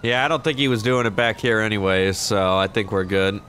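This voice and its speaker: A man's voice: lowish voice, level tone, brisk, fairly bright tone, slight background noise. A young man playing a shop clerk in an online roleplay game, chatting casually, swearing now and then and drawling out his action emotes. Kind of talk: casual gameplay commentary and in-character chat.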